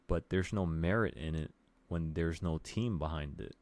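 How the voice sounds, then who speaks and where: A man's voice: sits low, normal speed, dry recording. A man hosting a casual late-night trading stream, walking through charts in a loose, offhand way and swearing now and then. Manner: relaxed, swearing, talks to viewers with "bro".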